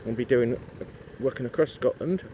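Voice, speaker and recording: A man's voice: mid-range voice, normal speed, warm tone, slight background noise. Rambling man vlogging outdoors. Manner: rambling, chatty, full of asides and fillers. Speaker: motorcycle vlogger. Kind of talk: casual vlog chat.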